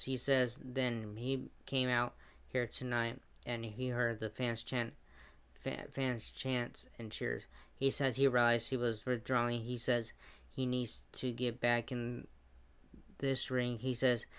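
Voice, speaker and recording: A man recapping a wrestling show as its reviewer, retelling the action with fillers and quick asides. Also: medium pitch, a bit bright, clear, resonant tone.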